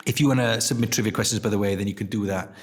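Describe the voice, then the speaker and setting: A man's voice: on the low side, fairly even intonation, very fast, breathy edge. A man co-hosting a podcast in casual chat, talking in a chatty way with many fillers and restarts. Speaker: podcast co-host.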